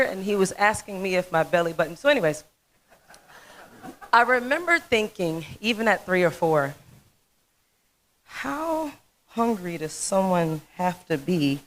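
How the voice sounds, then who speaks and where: A woman in her thirties giving a motivational conference talk, telling a folksy, animated story. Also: fairly low pitch, rough recording. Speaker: dentist speaker.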